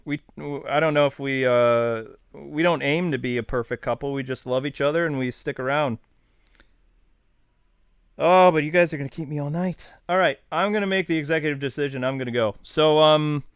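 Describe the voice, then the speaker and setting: A man's voice: a little high, a bit bright, clear, resonant tone, dry recording, clean studio sound. Rambling, joking man streaming live. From New York. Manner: rambling, self-deprecating, jokey. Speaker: streamer host. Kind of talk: casual live-stream chat.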